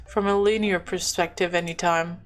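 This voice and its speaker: A woman's voice: fairly low pitch, steady tone, moderate pace, faint music behind. A woman reading a visual novel aloud, breaking off with chatty asides. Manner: reads dialogue and narration, breaks off with chatty asides. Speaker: game narrator.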